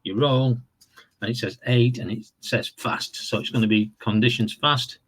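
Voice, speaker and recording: A man casually walking through the rules of a horse racing board game, explaining in a relaxed, rambling way with fillers and self-corrections. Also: medium pitch, normal speed. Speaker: tabletop game reviewer. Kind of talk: casual tabletop game walkthrough.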